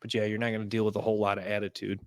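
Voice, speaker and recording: Young male podcast host, low and monotone, rambling casual talk, dry close mic. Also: very fast, dry recording. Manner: rambling, full of fillers and restarts. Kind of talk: casual monologue.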